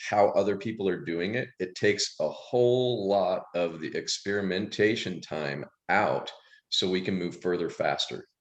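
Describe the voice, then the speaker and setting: A man co-hosting an online coaching session, explaining in a measured, deliberate way. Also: low-pitched. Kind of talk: live group coaching session.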